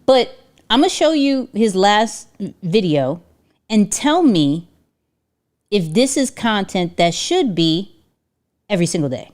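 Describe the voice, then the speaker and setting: A woman's voice: mid-range voice, big pitch swings, takes it slowly, pauses often, darkish tone. A woman hosting a casual livestream, chatting to viewers, reading out their comments and tagging sentences with "right?". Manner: reads chat aloud, repeats herself, many "right?" tags. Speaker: livestream host. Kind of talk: casual interactive livestream chat.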